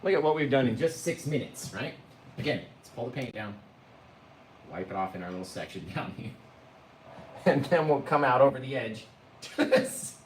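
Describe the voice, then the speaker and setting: A man leads a live painting tutorial, chatting to his viewers and walking them through each stroke. His pitch swings widely from phrase to phrase. The sound is roomy and echoey, with a faint background hum. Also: expressive, normal speed, pauses often. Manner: chatty, addresses viewers as "guys"; talks through each brushstroke step by step. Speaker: painting instructor.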